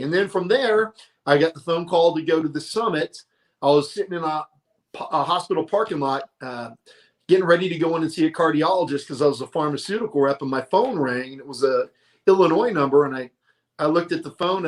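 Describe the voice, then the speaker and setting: A middle-aged man telling his career stories in a casual, animated interview, often quoting other people. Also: fairly high pitch, fairly quick. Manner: animated, tells stories with quoted voices. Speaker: guest, monster truck announcer.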